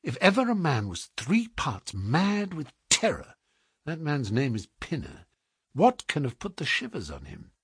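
A man voicing a keen male detective who speaks in a low, hushed, probing way. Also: wildly swooping pitch, measured pace, breathy edge, no echo, studio quality, exaggerated voice. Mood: hushed puzzlement.

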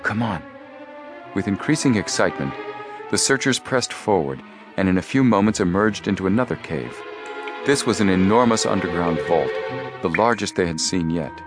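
Deep-voiced male audiobook narrator. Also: over music. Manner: measured, steady storytelling. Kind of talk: scripted narration.

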